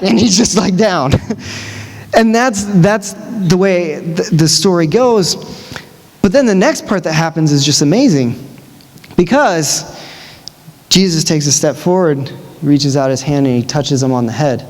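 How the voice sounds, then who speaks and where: A man with a high voice delivers a sermon in a large church. He tells the story casually, with lively, conversational asides. His voice carries a long reverb that rings around the hall. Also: normal speed. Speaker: preacher.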